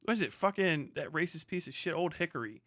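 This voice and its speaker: A man's voice: fairly high pitch, expressive, fairly quick, fairly bright tone, dry recording, studio quality. A young American man hosting a livestream, ranting in casual, profane, sarcastic commentary with frequent laughter. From United States. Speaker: livestream host.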